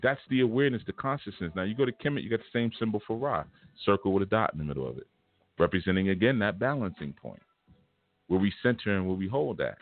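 A man's voice: fairly low pitch, animated, fast. A man giving a spiritual lecture in a casual, emphatic, vernacular preaching manner. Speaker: spiritual teacher. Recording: tinny phone-like line with faint music.

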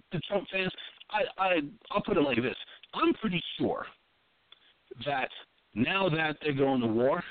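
A man talks through politics in a loose, profane way, stumbling over restarts before landing his point. His voice sits a little high. The recording is tinny and phone-like, with a dry, close sound and no room echo. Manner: profane, blunt, repeats himself while building a point. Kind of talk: casual political commentary.

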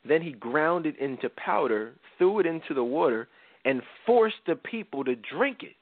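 Animated man chatting about scripture. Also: a little high, normal speed, no echo. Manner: animated, slangy, laughs often. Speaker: podcast co-host. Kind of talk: casual Bible discussion. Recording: dry thin phone-like sound.

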